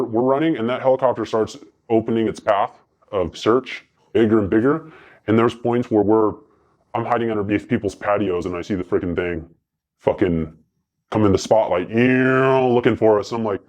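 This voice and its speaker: A man's voice: lowish voice, darkish tone. A man guest telling profane, rambling stories in a casual chat, full of fillers. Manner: rambling, profane, fast anecdotes with many fillers. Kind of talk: casual storytelling.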